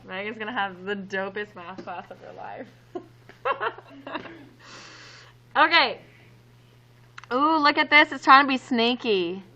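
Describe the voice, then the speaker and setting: A woman's bright, fairly high voice guides a classroom math lesson at an unhurried pace. She sounds upbeat and playful and stays teasing with her students. The audio is a little dull and muffled. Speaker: math teacher.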